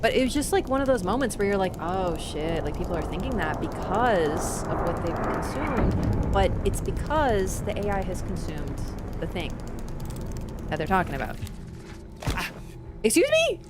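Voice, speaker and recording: Speaking at a moderate pace in a fairly low, animated voice, this female streamer comments on her gameplay and reads chat aloud. She's talkative and full of opinions, speaks right to her audience, and breaks into sudden loud yelps at on-screen events as game music plays.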